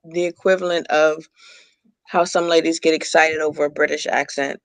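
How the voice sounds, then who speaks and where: Man, flat-toned and measured, dry close audio. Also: on the high side, vocal fry, no room sound, rough recording. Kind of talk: casual group chat.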